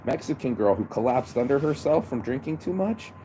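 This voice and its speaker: A man's voice: medium pitch, animated, brisk. Profane man ranting over traffic. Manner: profane, preachy, calls listener bro. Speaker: motivational vlogger. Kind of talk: casual motivational rant. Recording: loud traffic noise behind.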